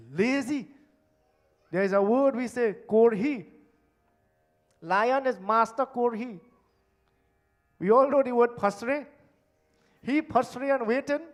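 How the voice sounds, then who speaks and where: Male preacher, high voice, emphatic sermon delivery with hushed endings. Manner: emphatic, swinging between loud stresses and hushed low endings. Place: temple hall.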